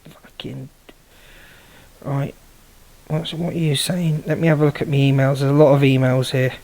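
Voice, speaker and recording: A woman's voice: low voice, fairly even intonation, brisk, warm tone. A woman hosting a live stream, chatting casually, swearing freely and calling out greetings to viewers. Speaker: livestream host.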